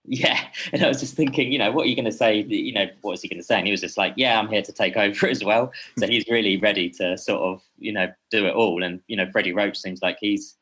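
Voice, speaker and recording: A man's voice: fairly low pitch, quick pace, few pauses, fairly bright tone, husky, poor audio. A man talking as a podcast guest, a boxing journalist who speaks in a meandering, hesitant way and keeps correcting himself. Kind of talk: casual podcast conversation.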